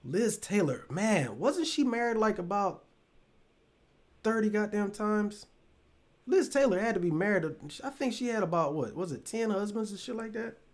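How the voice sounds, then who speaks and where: Speaking straight to his live audience, a relationship talk-show host keeps things casual, cursing freely, laughing a lot, and letting thoughts trail off. He has a high voice with lively intonation at a moderate pace.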